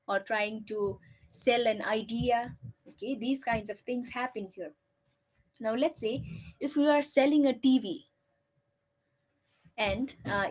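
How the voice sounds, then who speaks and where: A woman teacher giving a patient, explanatory lecture and often checking in with "right?". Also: fairly high pitch. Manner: patient, ends points with "right?". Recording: dull lo-fi recording.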